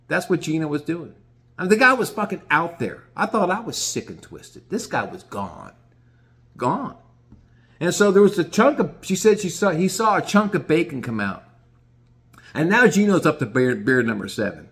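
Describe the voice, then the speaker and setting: A man with a somewhat high voice tells a story in a loose, rambling way, full of swearing and half-finished sentences. He speaks casually, as if talking to friends. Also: sing-song, normal speed, creaky, a bit bright. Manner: rambling and profane, with restarts.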